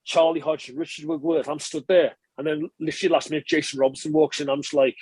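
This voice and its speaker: A man, a former rugby player, recalls his career in a relaxed interview, rambling and correcting himself as he goes. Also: fairly high pitch, fast, husky, no room sound. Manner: chatty, rambling recollection, frequent filler and self-correction. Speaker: former professional rugby player, podcast guest.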